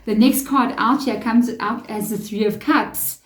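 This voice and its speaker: A woman's voice: fairly high pitch, unhurried. Chatty woman reading tarot, echoey room. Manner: chatty, animated, many fillers and self-talk. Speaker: tarot reader. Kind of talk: casual tarot reading to camera.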